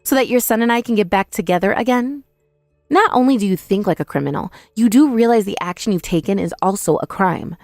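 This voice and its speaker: A woman's voice: medium pitch, brisk, a little mellow, dry recording, clean studio sound, soft background music. A woman narrating a dramatized first-person story in a confrontational, scolding way.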